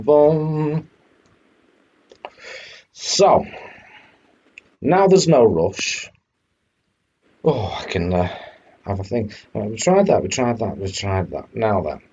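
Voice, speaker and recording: A man's voice: mid-range voice, big pitch swings, slow, long pauses, darkish tone, highs cut off, slight background noise. A man hosting a retro game live stream, chatting casually and swearing now and then. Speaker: streamer host.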